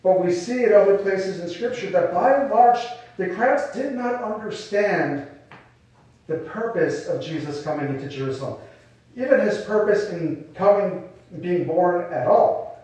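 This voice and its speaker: Casual preacher in an echoey hall. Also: male voice, high-pitched, expressive, measured pace, dark tone. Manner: explains scripture in a casual, conversational way with rhetorical questions. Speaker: pastor. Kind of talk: sermon. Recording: very echoey room, voice from a distance.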